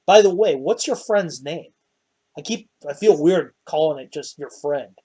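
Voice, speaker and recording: A man voicing a wounded, grieving male dwarf warrior who talks gruffly and plainly, with weariness in it. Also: fairly high pitch, animated, unhurried, mellow.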